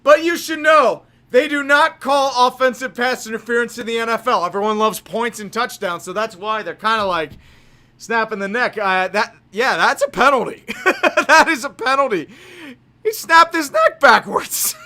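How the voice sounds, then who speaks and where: A man doing amateur, profane play-by-play commentary on a livestream, shouting on big plays. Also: very high voice, expressive, moderate pace.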